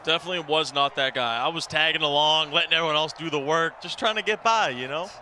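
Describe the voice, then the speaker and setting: A man competing in a video game match, chatting casually and reacting loudly to plays. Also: fairly high pitch, slight background noise. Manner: fast, bright, trash-talking. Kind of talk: casual chat.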